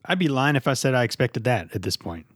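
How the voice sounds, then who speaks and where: A man's voice: mid-range voice, big pitch swings, quick pace, a bit bright, no room sound. A playful man hosting a casual podcast, given to jokes and acting out silly scenes. The sound is dry and close. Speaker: podcast host. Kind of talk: casual chat.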